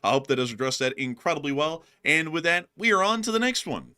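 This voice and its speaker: Male co-host, lively and bright, casual chatter with frequent laughs; slightly high voice. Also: fast, clear, resonant tone. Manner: animated, laughs often. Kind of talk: casual livestream chat.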